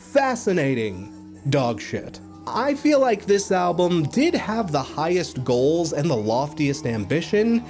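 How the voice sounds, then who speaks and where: A man's voice: fairly high pitch, a little mellow. A man reviewing albums in a casual, blunt and profane monologue, rambling and joking. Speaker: music critic.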